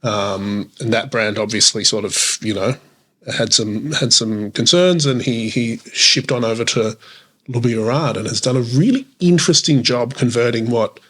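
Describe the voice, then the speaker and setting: A man's voice: medium pitch, moderate pace, a bit bright, breathy edge. A man co-hosting a casual podcast chat, rambling along with plenty of fillers and restarts. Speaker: podcast co-host.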